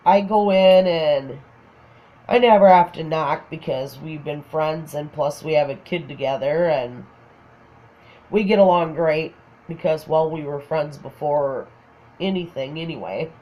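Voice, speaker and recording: A woman's voice: deep voice, dark tone, rough recording. A woman with a Minnesotan accent casually telling a funny personal story, often laughing. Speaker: craft vlogger.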